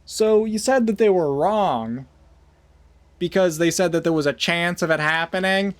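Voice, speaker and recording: A man's voice: high voice, a little slow. A man casually chatting to his viewers while playing a game on a livestream, rambling with jokey asides. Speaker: streamer. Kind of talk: casual gaming livestream chat.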